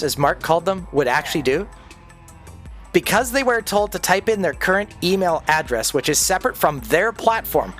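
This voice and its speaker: A man with a fairly high voice rants through a casual livestream chat, cursing freely and slipping into voices for the people he quotes. Faint music plays under his talk. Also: fairly bright tone. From Canada. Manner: profane, ranting, acts out quoted people. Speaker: streamer. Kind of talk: casual rant while gaming.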